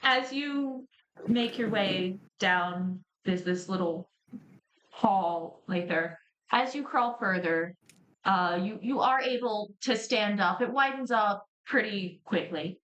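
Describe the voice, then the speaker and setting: A woman narrating as game master of a tabletop game, pausing and restarting as she describes scenes. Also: medium pitch, a bit bright, poor audio.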